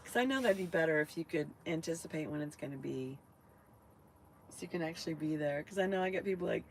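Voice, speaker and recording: A woman's voice: on the low side, fairly quick, long pauses, a little hiss or hum, low-quality recording. Chatty woman live-streaming from a van. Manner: chatty, talks to viewers and her dog. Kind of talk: casual live-stream chat. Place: inside her van.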